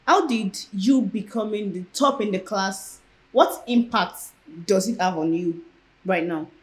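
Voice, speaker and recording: A woman hosts a podcast interview, speaking at a medium pitch. She drops in short agreements and completes her guest's thoughts. The room echo is clearly audible. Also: unhurried. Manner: short affirmations, finishes the guest's sentences. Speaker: podcast host. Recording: roomy echo.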